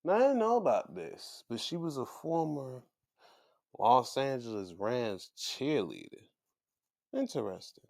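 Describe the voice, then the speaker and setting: At a measured pace and medium pitch, a creaky-voiced show host recaps wrestling casually, bringing quotes to life with animated chat. No room sound, clean studio audio.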